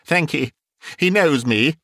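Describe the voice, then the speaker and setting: A man's voice: a little high, lively intonation, slow pace, fairly bright tone, no room sound, studio quality, voice pushed up, full character voice. A man voicing an elderly miser turned giddy and generous, with playful teasing, in an audiobook reading. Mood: coaxing.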